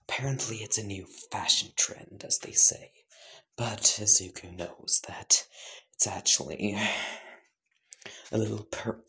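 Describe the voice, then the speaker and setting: A man narrating a fan-fiction story in a soft whisper, with casual asides. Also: on the low side.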